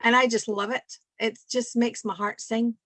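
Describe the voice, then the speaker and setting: A woman's voice: fairly high pitch, steady tone, moderate pace, a bit bright, no echo, voice pushed up. A woman in her sixties putting on a broad Aberdeen Scots accent, gushing and lilting.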